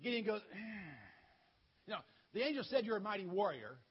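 A man's voice: high voice, very animated, moderate pace, breathy edge, lo-fi sound. A man preaching a children's story sermon, retelling a Bible story in a playful, conversational way.

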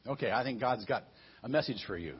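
A man's voice: medium pitch, animated, fast talker, slightly rough, pitched below the performer's own voice. A man doing a humble dream interpreter. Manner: modest, reassuring. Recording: dull lo-fi recording.

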